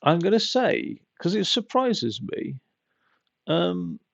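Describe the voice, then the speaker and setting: Male gaming host: deeply gravelly voice, dry close sound, loose self-mocking play-by-play. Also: big pitch swings, takes it slowly, a bit bright, no echo, dull audio. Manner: rambling, chatty, self-mocking asides. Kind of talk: casual gameplay commentary.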